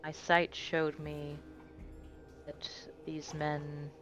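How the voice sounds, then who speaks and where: A woman playing a calm, measured seer. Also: low-pitched, dull audio, faint music behind, heavily acted. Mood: solemn. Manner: measured, slow reporting. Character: calm perceptive seer adventurer.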